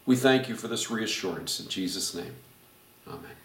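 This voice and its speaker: A middle-aged male pastor leading a Bible study and closing in prayer, speaking in a gentle, reassuring way. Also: fairly low pitch, fairly quick, gravelly. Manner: gentle reassuring preaching, quotes God softly. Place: church. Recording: echoey room, voice from far off mic.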